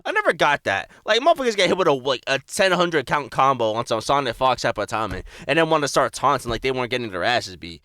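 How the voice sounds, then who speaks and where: A young man hosting a reaction video, cursing and talking loudly back at what he watches. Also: mid-range voice, quick pace, few pauses, no echo, studio quality. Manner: loud, profane, excitable, talks to the screen. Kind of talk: live reaction commentary. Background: loud music from the video he watches.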